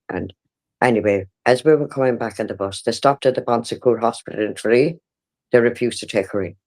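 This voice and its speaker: A woman in her sixties with an Irish accent, giving halting, emotional personal testimony in an interview and often breaking off and restarting. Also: very deep voice, darkish tone. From Ireland. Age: 60s.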